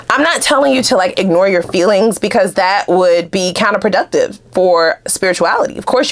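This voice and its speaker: A woman giving a casual tarot reading to her viewers, animated and blunt, swearing freely and laughing often. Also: fairly low pitch. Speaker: tarot reader.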